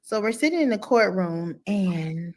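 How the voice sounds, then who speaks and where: A woman attorney chatting on a podcast in a mid-range voice. She is slangy and playful, and slips into hushed asides when she gets gossipy. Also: medium pitch, animated, measured pace. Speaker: attorney co-host. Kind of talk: casual podcast chat.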